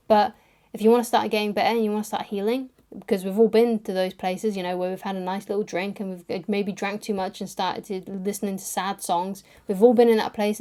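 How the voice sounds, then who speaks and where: A woman's voice: medium pitch, mellow. A young adult woman, a life coach, giving relationship advice straight to camera in a conversational way, often checking in with "right?". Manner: conversational, keeps asking "right?". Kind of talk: direct-to-camera advice talk.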